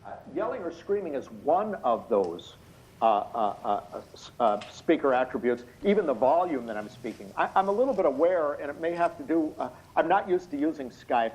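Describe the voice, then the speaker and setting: A tired, slightly hoarse man giving expert courtroom testimony over a video call, explaining things in a measured way with many hesitant fillers. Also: a little high, lively intonation, darkish tone. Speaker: expert witness. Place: indoor room at night. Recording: muffled video call audio.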